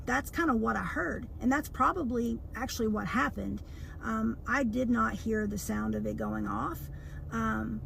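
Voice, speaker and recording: Gravelly-voiced woman telling a storytime. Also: on the high side, slight background noise, rough recording. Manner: earnest, tense retelling with many fillers. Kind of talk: casual storytime monologue.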